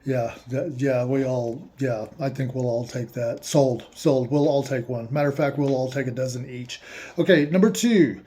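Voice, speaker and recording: A man with a mid-range voice and a dark tone talks at a normal speed, hosting a relaxed monologue. Reading passages aloud and reacting in a meandering way, he gets emotional and teary-eyed.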